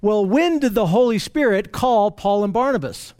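A man's voice: sits high, lively intonation, normal speed, a little mellow. A man leading a conversational Bible study, repeating and restarting phrases, pointing out what to notice and putting questions to his group.

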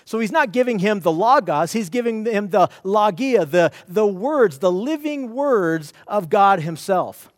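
A man's voice: high voice, expressive, measured pace, few pauses, no room sound. A man preaching an expository sermon, teaching earnestly and often restarting or repeating words as he works through the text.

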